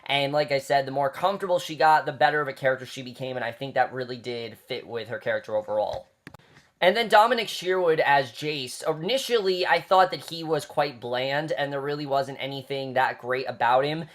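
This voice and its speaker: A man's voice: mid-range voice, a little fast, a bit bright. A man giving a casual, chatty review of a TV season, talking off the cuff with lots of fillers and repeated phrases.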